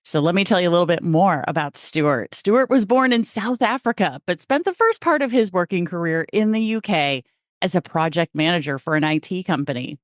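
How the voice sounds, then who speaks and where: A woman's voice: fairly low pitch, animated, brisk, no echo, studio quality. A woman from the United States hosting a show, introducing her guest in an upbeat, effusive way. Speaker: show host. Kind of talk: enthusiastic podcast host introduction.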